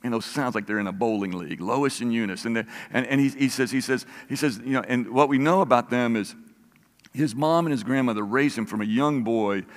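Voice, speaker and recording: Pastor, mid-pitched man, chatty sermon delivery, stutter-repeats for emphasis, long hall reverb. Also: fairly quick. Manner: conversational, repeats words when building emphasis.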